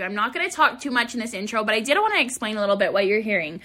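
Bright-voiced, bubbly young woman podcast host. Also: mid-range voice, racing, hardly any pauses, faint music behind. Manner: bubbly, lively inflection. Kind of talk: casual solo podcast intro.

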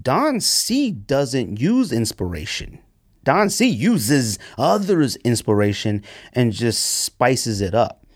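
Animated, sarcastic male podcast host. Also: slow, no echo, studio quality. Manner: animated, sarcastic, ranting with bursts of high-pitched emphasis. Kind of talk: casual sneaker podcast rant.

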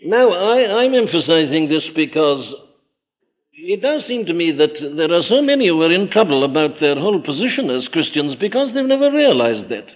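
A man preaching a sermon, emphatic and deliberate, rising high and dropping low to stress his points. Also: sing-song, lo-fi sound. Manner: emphatic, dramatic swings in pitch and loudness.

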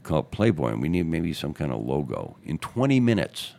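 An older man from Chicago, a newspaperman and radio host, telling animated anecdotes as a guest in a podcast studio. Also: rumbling low, fairly quick, creaky. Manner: animated anecdotes, acting out quotes in other voices. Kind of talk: casual storytelling interview.

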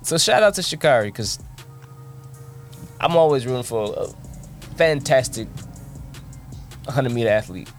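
A man co-hosting a sports podcast, animated and joking, swearing freely. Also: mid-range voice, measured pace, long pauses, soft background music. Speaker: podcast co-host. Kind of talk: casual sports chat.

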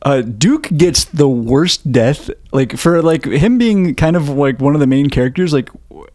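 A man's voice: fairly high pitch, lively intonation, unhurried, darkish tone, no room sound, clean studio sound. A man co-hosting a podcast, chatting casually about a movie in a laid-back way, with lots of filler words. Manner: laid-back, leans on filler "like", laughs often. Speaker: podcast co-host.

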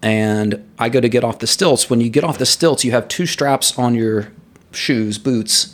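Male guest, mid-range voice, animated casual storyteller. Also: mid-range voice, moderate pace. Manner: animated storyteller who laughs at his own story. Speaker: guest telling a personal story.

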